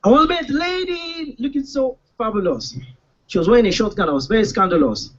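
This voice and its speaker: A man's voice: extremely high pitch, expressive, fairly quick, a bit bright, muffled recording. A man with a Nigerian accent performing comic spoken word poetry in a rhythmic, rhyming style, recorded live on a poetry stage. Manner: rhythmic, rhyming delivery with mock-dramatic outbursts.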